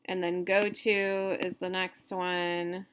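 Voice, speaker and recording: A woman's voice: fairly low pitch, little pitch movement, takes it slowly, a bit bright, smooth. A woman instructor walking through poetry meter in a recorded lecture, explaining loosely with fillers and self-corrections.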